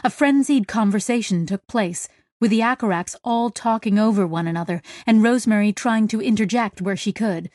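A woman narrating a science fiction story in a steady, clear reading voice. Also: medium pitch, normal speed, no room sound, clean studio sound. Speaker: audiobook narrator. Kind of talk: scripted narration.

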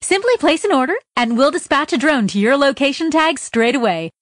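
A woman's voice: animated, a little fast, no room sound, studio quality. A woman reading a storybook, voicing a chipper recorded ordering-system voice that exclaims like an advert. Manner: bright, exclaiming salesy pitch.

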